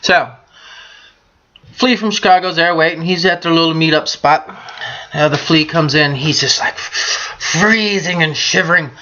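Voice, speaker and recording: Crude joking woman vlogging over a beer, bright bouncy voice, muffled lo-fi sound. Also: deep voice, fairly even intonation, moderate pace, pauses often. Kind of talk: casual beer-drinking vlog with bawdy jokes.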